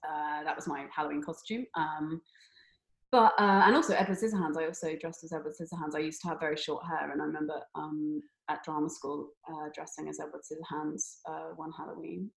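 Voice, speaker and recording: A young woman, an actor, chatting in an interview, laughing often and filling pauses with ums. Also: sits low, creaky, rough recording. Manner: laughing, chatty, with many fillers. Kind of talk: casual interview chat.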